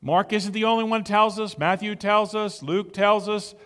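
A man's voice: high-pitched, fairly even intonation, moderate pace, a bit bright, big-room sound. A man preaching a sermon in an emphatic, conversational way, asking his listeners rhetorical questions. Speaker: pastor.

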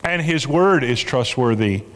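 In a large hall with long reverb, a pastor delivers a sermon, stressing his points and repeating key phrases to drive them home. His mid-range voice has lively intonation, an unhurried pace and a fairly bright tone.

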